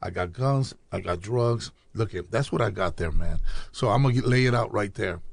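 Gravelly low-voiced man telling his story. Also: normal speed, dry recording. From Chicago. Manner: animated storyteller acting out quoted dialogue. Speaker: podcast guest. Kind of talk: casual storytelling interview.

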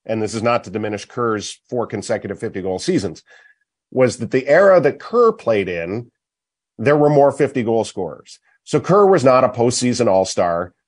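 A man's voice: medium pitch, big pitch swings, moderate pace. Man making a firm hockey argument. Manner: emphatic, building his case point by point. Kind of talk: opinionated hockey talk. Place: golf charity event.

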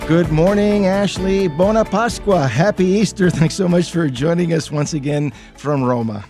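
A man hosts a radio podcast in a cheerful, halting way with plenty of fillers. His voice is gravelly and sits a little high. Faint music plays behind the dry sound. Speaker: radio host. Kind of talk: casual chat on radio.

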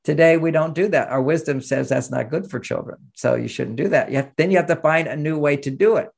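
An older American man, a guest in an interview conversation, tells animated stories and acts out the voices of the people he quotes. His voice sits a little high and runs fairly quick, creaky with a breathy edge.

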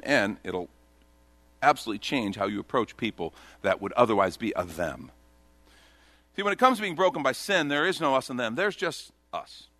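A man preaching a sermon as a pastor, expressive and conversational, repeating key lines for emphasis. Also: medium pitch, dry recording.

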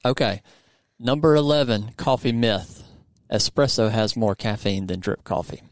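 A man's voice: lowish voice, moderate pace, no room sound. A man hosting a podcast in a studio, upbeat and playfully teasing his co-host in casual chat.

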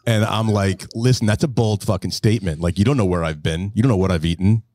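A man hosting a casual podcast, telling relaxed, swearing anecdotes. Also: fairly low pitch, fast, dry recording, clean studio sound. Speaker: podcast host.

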